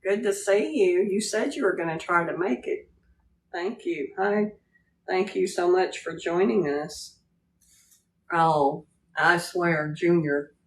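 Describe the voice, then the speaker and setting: A woman's voice: on the low side, takes it slowly, slight background noise. A woman hosting a casual livestream, greeting viewers by name and laughing often as she chats. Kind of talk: casual live chat.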